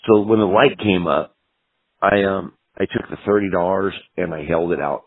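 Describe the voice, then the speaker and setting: A man's voice: low-pitched, normal speed, breathy edge, no echo. Interview guest, man in his 50s, rambling storyteller, dry close sound. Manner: rambling, profane, lots of "you know". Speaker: punk guitarist interview guest. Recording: tinny phone-like audio.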